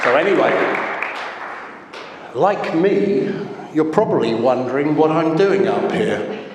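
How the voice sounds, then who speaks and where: A middle-aged man gives a wedding speech in a large function room, telling jokey, self-mocking stories. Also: medium pitch. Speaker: wedding guest giving a speech. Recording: echoey hall, voice from far off.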